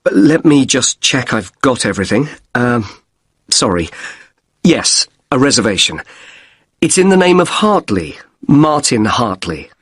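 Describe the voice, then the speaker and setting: A man playing a polite hotel guest in a scripted exam dialogue, spelling out letters slowly and deliberately. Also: mid-range voice, sing-song, a bit bright, slightly rough, dry recording, heavily acted. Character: polite British man with broken wrist checking in.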